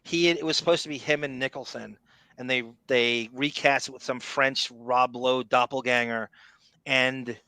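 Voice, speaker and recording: Brief: male podcast co-host, bright, tense tone, dry close sound, rambling and opinionated. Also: medium pitch, moderate pace, smooth, no room sound. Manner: animated, opinionated, rambling with restarts. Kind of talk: casual chat.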